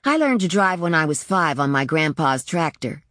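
A woman's voice: deep voice, sing-song, moderate pace, fairly bright tone, no echo, clean studio sound. A woman voicing a small-town teenage girl who dreams of trucking, telling her story in a plainspoken, matter-of-fact, chatty way. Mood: blunt, chatty. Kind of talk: audiobook character narration.

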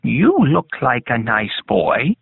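A man voicing a shape-shifter posing as a gentle little old lady, speaking coaxingly. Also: medium pitch, very animated, slow pace, creaky, breathy edge, dry recording, heavily acted. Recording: tinny phone-like dry sound.

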